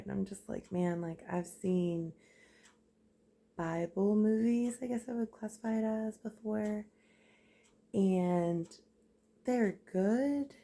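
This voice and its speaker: Young woman vlogging real quiet, low gravelly voice, kinda flat, all excited and rambly. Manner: hushed, soft talking so a sleeping baby stays asleep; excited, gushing, filler-heavy. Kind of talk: casual faith vlog retelling a show.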